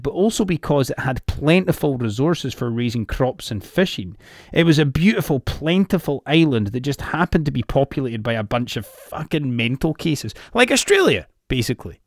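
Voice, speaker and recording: A man's voice: medium pitch, no room sound, clean studio sound. A Scottish man narrating history sardonically, full of sweary, sarcastic asides. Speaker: comedic history presenter.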